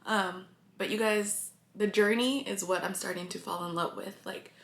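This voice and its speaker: A woman's voice: mid-range voice, steady tone, moderate pace, creaky, a bit bright. A woman vlogger talking earnestly and openly to her viewers, emotional and close to tears. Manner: earnest and confiding, addresses viewers often. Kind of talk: casual talk to camera. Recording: echoey room.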